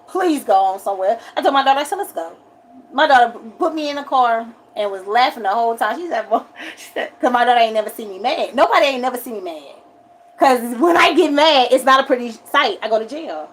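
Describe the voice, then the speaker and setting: Woman livestreamer, slightly high voice, animated casual storytime, faint background noise. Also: poor audio. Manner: animated, acts out quotes with sharp pitch jumps.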